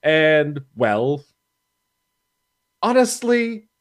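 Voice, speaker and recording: A man's voice: on the high side, big pitch swings, extremely slow. A man co-hosting a casual gaming podcast, speaking with wry, dry sarcasm. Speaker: podcast co-host.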